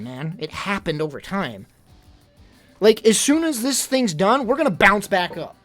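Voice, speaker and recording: A man's voice: sits high, big pitch swings, a little slow, fairly bright tone, soft background music. A young man venting in casual livestream chat, rambling and exasperated, full of fillers.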